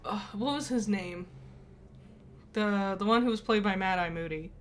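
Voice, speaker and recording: A woman's voice: medium pitch, moderate pace, slight background noise. A woman co-hosting a casual podcast, chatty and laughing often as she talks. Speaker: podcast co-host. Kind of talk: casual chat.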